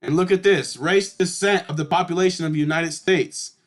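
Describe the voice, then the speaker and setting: This is a man with a notably high voice, giving casual commentary as he reads through documents. He talks bluntly and with emphasis, swears freely, and keeps turning to his viewers to address them. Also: steady tone, fairly quick. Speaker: channel host. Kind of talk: casual commentary reading through historical charts.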